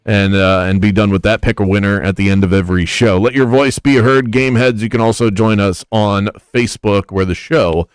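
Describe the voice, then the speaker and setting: A man's voice: lowish voice, steady tone, brisk, few pauses, clear, resonant tone, no echo. A man hosting a sports radio show, chatting casually and joking with his co-host. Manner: jokey, laughs easily.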